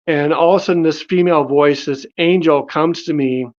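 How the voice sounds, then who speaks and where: A man casually telling his life story, animated, with many fillers and restarts. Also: fairly high pitch, a little fast, muffled recording. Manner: animated, acts out quoted dialogue in his own voice.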